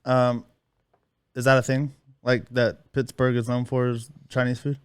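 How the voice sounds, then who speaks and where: Smooth-voiced dry co-host man. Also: mid-range voice, little pitch movement, unhurried. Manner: short dry quips and questions. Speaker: podcast co-host. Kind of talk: casual chat.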